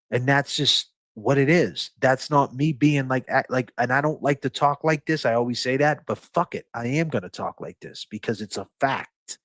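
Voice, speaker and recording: A man's voice: medium pitch, moderate pace, a bit bright, no echo. Emphatic profane man on a livestream. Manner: emphatic, profane, preachy, repeats phrases. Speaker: livestream host. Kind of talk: casual livestream talk.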